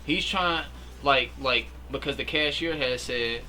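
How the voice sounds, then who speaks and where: A young man giving a casual, slangy movie recap, animated and full of fillers. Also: mid-range voice, a little slow. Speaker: movie reviewer.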